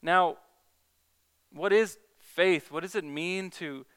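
A man's voice: sits high, slow pace, fairly bright tone, clear, resonant tone. A man who is a Christian evangelist, earnestly telling a story in a casual talk, with many restarts.

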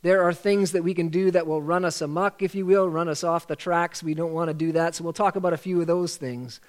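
A man with a voice a touch higher than most, teaching a church group how to memorize scripture. He speaks patiently and drills short phrases over and over, like a teacher guiding a family. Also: fairly even intonation, brisk. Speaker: pastor leading a Bible study.

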